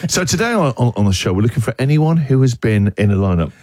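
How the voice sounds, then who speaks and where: A man hosting a radio show, chatting with callers in an animated way and laughing often. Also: medium pitch, dry recording. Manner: animated, laughing, quick reactions. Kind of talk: casual radio chat with callers.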